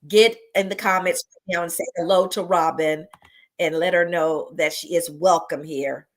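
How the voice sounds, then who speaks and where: A woman's voice: on the low side, fairly even intonation, normal speed. A woman hosting a live faith podcast, effusive as she welcomes a guest and urges listeners to join in. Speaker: podcast host.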